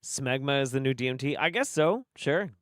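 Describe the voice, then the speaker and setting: A man's voice: medium pitch, lively intonation, normal speed, dry recording. A man hosting a casual commentary stream, swearing and laughing, with an exasperated delivery. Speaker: streamer host.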